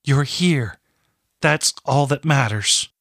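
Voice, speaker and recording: A man's voice: mid-range voice, slow. A man voicing a fierce, loyal young woman heroine in a fantasy audiobook. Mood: heartfelt. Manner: furious demanding when wronged.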